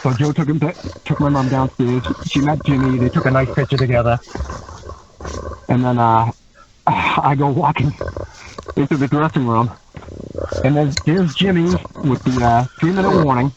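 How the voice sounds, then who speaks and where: A man guesting on a podcast, telling a story with animated delivery, acting out what others said and laughing along. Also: mid-range voice, normal speed, long pauses. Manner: animated storyteller who acts out quotes and laughs. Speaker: guest, former wrestler. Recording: dull lo-fi sound with faint noise.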